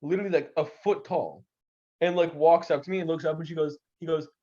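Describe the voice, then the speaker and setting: A man's voice: a little high, fairly quick. A young man in casual podcast chat, telling stories with lots of energy and acting out the people he quotes. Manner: animated, acts out quoted voices. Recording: slightly dull lo-fi audio.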